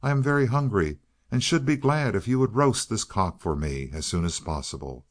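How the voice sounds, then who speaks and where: A man's voice: lowish voice, expressive, normal speed, natural voice. A man voicing a grumbling, blustering peasant man in a storybook reading, with a demanding manner. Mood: gruff.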